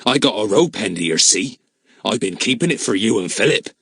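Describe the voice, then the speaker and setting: A man's voice: on the low side, sing-song, fairly bright tone, breathy edge, exaggerated voice. A man doing a cruel, growling brute. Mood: menacing. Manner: growling, slow menacing drawl. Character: threatening burly grown man, cruel and spiteful.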